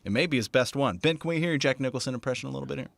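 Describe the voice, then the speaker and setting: A man's voice: medium pitch, rapid-fire, gravelly, no room sound. A man co-hosting a talk show, setting up bits and making dry, teasing asides in casual banter. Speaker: co-host.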